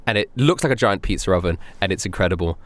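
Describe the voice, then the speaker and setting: A young man from Europe chats casually as a podcast co-host, telling rambling travel stories and acting out the people in them. His voice sits a bit low, and the close studio mic keeps it dry. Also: lively intonation, fast talker, no room sound. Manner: rambling anecdotes, laughing, acting out other people's lines. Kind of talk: casual chat.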